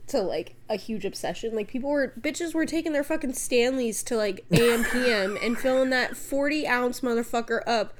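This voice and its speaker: A woman co-hosting a casual podcast, her voice sitting a little higher than most. She tells stories with lively quoted lines and curses freely. Her delivery stays loose and conversational. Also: normal speed, hardly any pauses, noisy background. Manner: animated storytelling, quoting others, swears freely. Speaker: podcast co-host. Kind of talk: casual chat.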